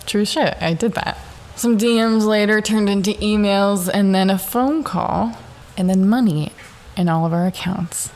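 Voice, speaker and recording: A young woman talks alone into the mic for her podcast, swearing freely and spinning stories with lots of energy. Her pitch sits in an ordinary middle range for a woman. She breaks into laughter often as she goes. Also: measured pace. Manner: profane, animated, laughs often. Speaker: podcast host. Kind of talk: casual solo podcast storytelling. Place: Southern California home.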